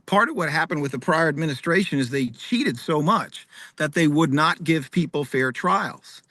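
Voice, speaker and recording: A man's voice: a little high, lively intonation, normal speed, bright, forceful tone, no room sound. A man speaking as a candidate at an online forum, confidently defending his record and asking rhetorical questions. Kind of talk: debate answer. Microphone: video call.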